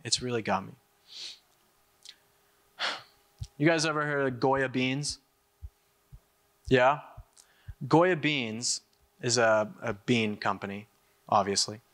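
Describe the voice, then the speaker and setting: Bright-voiced young man giving a political speech. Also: mid-range voice, fairly even intonation. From United States. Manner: emphatic, repeats himself, quick asides. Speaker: conference speaker. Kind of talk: political speech to a live audience.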